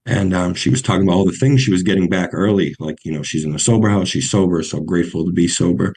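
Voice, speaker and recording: A young man with a New England accent telling his recovery story on a podcast, halting and full of restarts. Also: low-pitched, darkish tone, breathy edge. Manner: halting, many ums and restarts.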